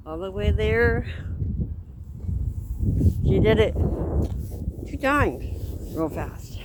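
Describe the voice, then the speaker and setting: Slow-talking woman vlogging outdoors. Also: medium pitch, expressive. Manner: rambling, chatty, laughs between remarks. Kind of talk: casual chat while walking. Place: outdoors in a park on a cold windy day. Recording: wind noise outdoors.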